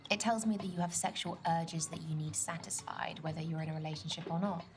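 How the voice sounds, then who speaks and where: A woman playing a breathy flirty date. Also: on the low side, fairly even intonation, a little fast, over music, lightly acted. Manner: teasing, flirtatious, often soft and breathy. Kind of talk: video game acting.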